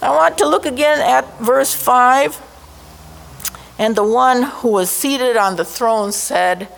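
Woman preacher, sermon, slow deliberate delivery, fairly high voice, emphatic stresses. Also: vocal fry. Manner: slow, emphatic, rising sharply on key words.

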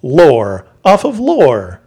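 A man's voice: on the high side, huge pitch swings, very slow, gravelly, crowd noise. A man co-hosting a podcast in casual chat, talkative and full of fillers. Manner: chatty, with many fillers. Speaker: podcast co-host.

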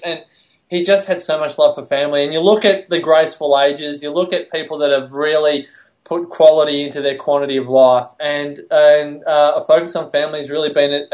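A man, telling stories and laughing through them in casual podcast chat. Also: fairly high pitch. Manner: warm storytelling, laughs while speaking. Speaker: podcast co-host.

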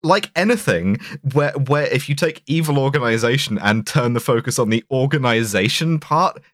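A man's voice: medium pitch, animated, moderate pace, a bit bright, no echo. A man co-hosting a casual film podcast, joking and swearing as he retells scenes. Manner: sweary, jokey, quotes characters in funny voices. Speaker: podcast co-host. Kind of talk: casual film review chat.

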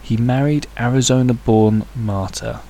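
A man's voice: mid-range voice, fairly even intonation, unhurried, dark tone, a little hiss or hum. A man hosting a podcast on his own, rambling casually with many hesitations and crude, jokey asides. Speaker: podcast host. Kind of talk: casual solo podcast chat.

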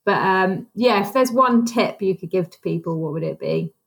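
A woman's voice: medium pitch, expressive, moderate pace. A woman co-hosting a podcast, chatting casually and laughing often as she talks. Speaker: podcast co-host. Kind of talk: casual interview chat.

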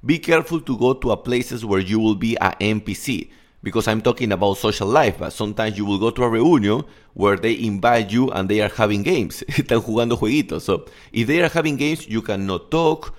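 A man's voice: on the low side, brisk. A man in his thirties, a native Spanish speaker, coaching in a casual podcast monologue, candid and loose, swearing and slipping into Spanish asides. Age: 30s.

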